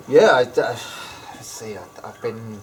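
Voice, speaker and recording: A man's voice: mid-range voice, very animated, measured pace, slight background noise. Rambling Essex man, guest teacher. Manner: rambling, hesitant, many restarts. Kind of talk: casual interview chat. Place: school library lounge.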